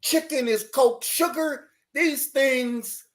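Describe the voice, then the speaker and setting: A man, a podcast guest, telling a personal story in an animated, lively way, often laughing. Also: extremely high pitch, takes it slowly. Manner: lively, laughing, acts out dialogue in his story.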